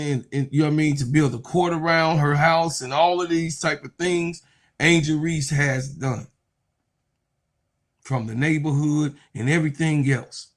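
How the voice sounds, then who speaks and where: A man talks through a sports reaction video in a casual, slangy way. His voice sits a little high, and he turns mocking and animated as he acts out what others said. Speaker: sports commentator.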